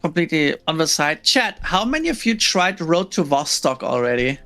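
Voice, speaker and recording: A woman's voice: sits low, animated, normal speed, fairly bright tone, faint music behind. A woman streamer hosting a casual gaming chat, laid-back and tired, who swears casually. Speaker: streamer host.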